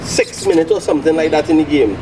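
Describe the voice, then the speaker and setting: A man co-hosting a sports show, telling stories in an animated way with plenty of laughter. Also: fairly high pitch, quick pace. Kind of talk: casual sports banter. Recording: distant mic with crowd noise.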